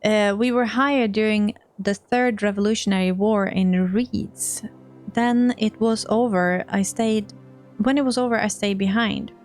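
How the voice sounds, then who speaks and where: A tough, sly orc woman working as a trade agent, dry and teasing. A Swedish woman reads her lines aloud from a game, stumbling over a word now and then. Her pitch sits in a plain middle range. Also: steady tone, a little slow, a little mellow, faint music behind, close to an everyday voice. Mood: wistful. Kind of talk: reading game dialogue aloud.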